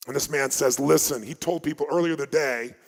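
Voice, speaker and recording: An American man with a fairly high voice tells stories to a seminar crowd. He is emphatic and dramatic, rising loud and dropping to a hush. His voice rings with the long reverb of a large hall. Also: brisk. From United States. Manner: emphatic, dramatic storytelling that swings from loud to hushed. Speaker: motivational speaker. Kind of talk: motivational seminar storytelling.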